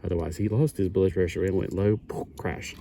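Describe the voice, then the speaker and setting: Middle-aged guy, low mellow voice, rambly build-along chatter with faint hum behind. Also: steady tone, a little fast, creaky. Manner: rambling, self-correcting, chuckling asides. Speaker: hobby builder. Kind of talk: casual build-along chat.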